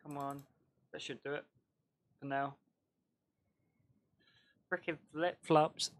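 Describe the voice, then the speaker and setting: A man chatting casually while streaming a video game, excitable and laughing often. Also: fairly high pitch, takes it slowly.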